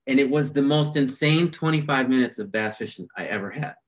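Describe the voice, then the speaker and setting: A man telling fishing stories in a casual podcast chat, animated and full of fillers. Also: mid-range voice. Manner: animated, fast storytelling with fillers. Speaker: podcast guest, bass angler. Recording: dull lo-fi sound.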